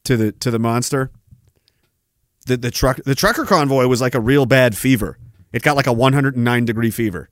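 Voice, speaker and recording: A man's voice: medium pitch, a little fast, no echo, studio quality. A man, hosting a podcast in a profane, sarcastic ranting monologue. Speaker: podcast host.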